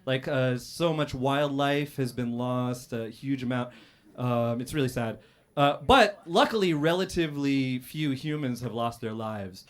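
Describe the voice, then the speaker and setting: A man performing a stand-up roast set on a comedy club stage, dry and deadpan, with many "uh" pauses and sudden loud outbursts. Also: medium pitch.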